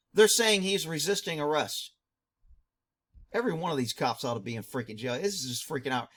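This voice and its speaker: A man's voice: sits high, pushed and bright. A middle-aged man, a former police dog handler, giving blunt, indignant commentary on a video.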